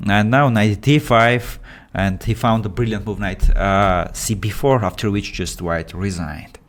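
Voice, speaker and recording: A man with phrasing giving excitable, animated live commentary on a chess game. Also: on the low side, unhurried. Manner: animated, excitable, with non-native English phrasing.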